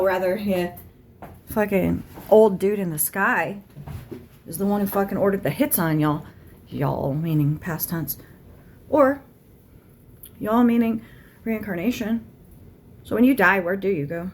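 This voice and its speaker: A woman's voice: medium pitch, a little hiss or hum. A woman tarot reader channeling a spirit guide, ranting bluntly with heavy swearing and arguing back and forth with herself. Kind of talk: channeled spiritual rant to camera.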